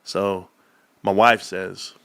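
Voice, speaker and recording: A man's voice: deep voice, drawn-out words, vocal fry, clear, resonant tone, no room sound. A man, chatting casually as a livestream host and acting out the voices of the people in his stories. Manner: animated storyteller, acts out quoted voices.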